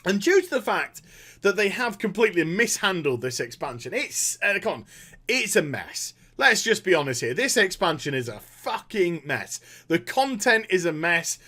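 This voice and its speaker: A man's voice: high voice, sing-song, moderate pace, sharp tone. A man, sarcastically ranting about a game story, swearing freely and mocking characters. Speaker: gaming commentator. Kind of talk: animated opinion rant.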